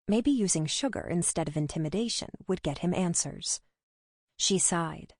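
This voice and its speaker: A woman with a lowish voice narrates a crime novel audiobook at normal speed, telling the story in a steady, even way. It's scripted narration recorded at studio quality with no room sound.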